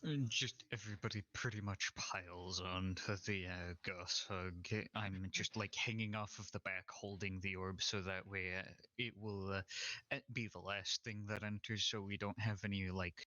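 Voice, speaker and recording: A man with a lowish, bright voice plays a tabletop game over a dull, dry mic. He explains his character's actions plainly. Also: fairly even intonation, normal speed, dry recording. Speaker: player. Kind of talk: casual tabletop play.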